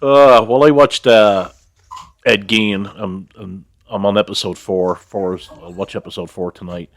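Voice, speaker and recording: A man's voice: on the low side, fairly even intonation, unhurried. A man co-hosting a podcast, giving matter-of-fact opinions on a TV series in casual chat. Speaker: podcast co-host. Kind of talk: casual chat about TV shows.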